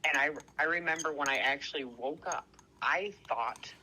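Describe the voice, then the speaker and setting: A man telling a story in casual chat, excitable and rambling, swearing constantly and stuffing every sentence with "like". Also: on the high side, normal speed, slight background noise, rough recording. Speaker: podcast co-host.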